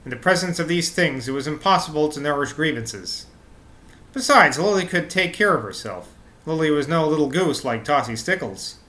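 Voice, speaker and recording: A man reads a classic novel aloud, his voice sitting a little high. The tone is bright and forceful, and he drops in casual, irreverent, swearing asides. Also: animated, normal speed. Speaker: audiobook reader.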